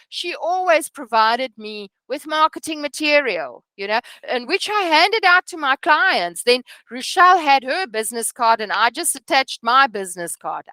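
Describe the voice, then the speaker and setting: A middle-aged woman with a high, sharp voice leads a training lecture for real estate agents, recorded with no room sound. She's earnest, often asks "okay?" and restarts her sentences.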